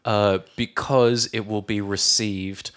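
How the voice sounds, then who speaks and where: A man co-hosting a podcast, explaining English phrases through examples in casual chat. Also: fairly low pitch. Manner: animated, explains slowly with examples. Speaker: podcast co-host.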